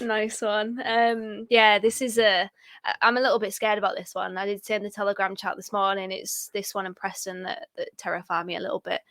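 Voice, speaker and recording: A woman's voice: mid-range voice, flat delivery, brisk, fairly bright tone, dry recording. A woman co-hosting a football podcast, chatty and playful. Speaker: podcast co-host. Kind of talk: casual football chat.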